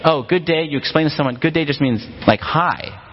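A pastor preaching a sermon in a relaxed, conversational way, often asking the congregation rhetorical questions. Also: male voice, fairly high pitch, brisk, slight background noise. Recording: long hall reverb, dull lo-fi sound.

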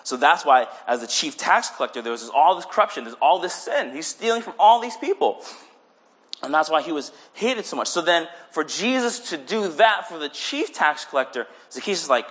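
A young man giving a casual sermon, animated, often acting out little voices for the people he talks about. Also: a little high, moderate pace. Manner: animated, acts out voices in quotes. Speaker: preacher.

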